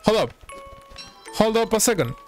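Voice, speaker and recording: A young man streaming a survival game, commenting live, excitable, yelping and talking to the creatures on screen. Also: high voice, normal speed, faint music behind. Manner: excitable, yelps and talks to the game. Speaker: gaming streamer.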